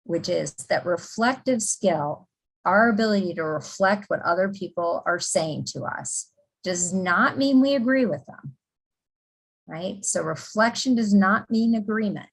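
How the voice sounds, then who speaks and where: Slow, husky middle-aged woman teaching. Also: mid-range voice, expressive, poor audio. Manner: explains patiently, with frequent ums and restarts. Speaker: psychology professor leading a workshop. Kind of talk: conversational workshop lecture.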